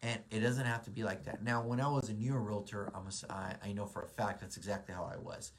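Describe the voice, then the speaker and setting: A man's voice: lowish voice, level tone, fast talker, noisy background. A man in his forties, a real estate broker, giving a casual motivational talk with lots of ums and restarts. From Southern California. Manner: rambling, many ums and restarts.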